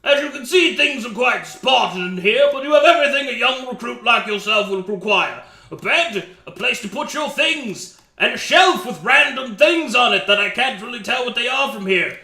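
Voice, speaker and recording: A man doing a big, jolly warrior trainer who belts his lines out high and loud and swings his pitch up and down with gusto. The delivery is bright and theatrical. The room adds a noticeable echo. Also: expressive, moderate pace, few pauses, soft background music, exaggerated voice. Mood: hearty.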